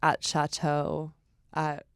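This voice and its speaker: A woman's voice: sits low, monotone, very slow, clean tone, no echo, clean studio sound. A young woman, a podcast guest, telling stories in casual chat, swearing freely and acting out what people said. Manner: storytelling, swears freely, acts out quotes.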